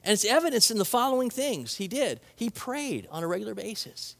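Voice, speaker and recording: A man's voice: sits high, big pitch swings, brisk, creaky, a bit bright. A man preaching a sermon as pastor, earnest and conversational, repeating key words for emphasis.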